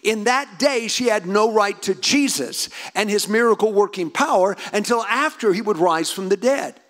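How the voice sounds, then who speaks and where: A man preaching a sermon in a high voice that swoops up and down. He presses into fervent, near-shouted emphasis as he exhorts his congregation. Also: animated, moderate pace. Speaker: pastor.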